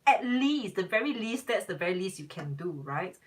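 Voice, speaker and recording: A woman's voice: medium pitch, sing-song, normal speed, distant mic, low-quality recording. A young woman, a tarot reader, chatting casually on a live stream, emphatic and repeating herself.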